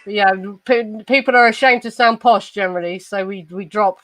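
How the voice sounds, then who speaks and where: A woman's voice: medium pitch, normal speed, a bit bright, dry recording, rough recording. A woman from southern England with an Estuary English accent, chatting casually as a podcast host, swearing freely and tripping over restarts. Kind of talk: casual chat.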